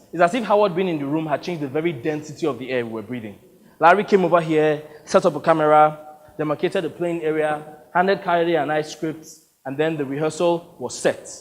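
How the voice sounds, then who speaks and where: A man's voice: fairly high pitch, big-room sound, low-quality recording. A man narrating an audiobook in a dry, wry storytelling manner.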